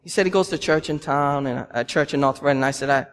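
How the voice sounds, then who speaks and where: A man's voice: medium pitch, quick pace. A man, preaching a sermon with passion and repeating lines for emphasis. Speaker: pastor. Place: church. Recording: long hall reverb.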